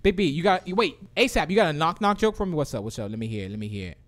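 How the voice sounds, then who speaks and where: Man, live game streamer, excitable, reads chat, raised pitch, very lively swings. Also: very fast. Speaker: livestream host. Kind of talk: live game commentary with viewers.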